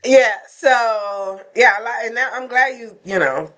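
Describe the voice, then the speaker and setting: A woman's voice: fairly high pitch, a bit bright. A woman co-hosting a casual talk podcast, telling stories with frequent laughs. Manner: storytelling, laughs often, slow drawn-out phrasing. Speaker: podcast co-host. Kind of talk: casual chat.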